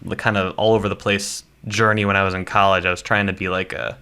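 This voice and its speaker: A man's voice: low-pitched, level tone, fast talker, pushed and bright, smooth. A man in his thirties, a podcast guest chatting casually and rambling with lots of likes and ums. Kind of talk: casual chat.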